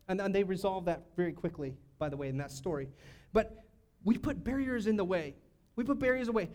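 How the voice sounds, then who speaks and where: A male pastor preaching a sermon, swinging between loud cries and hushed, quiet lines. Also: very high voice. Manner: preaching with sudden shouts and hushed drops.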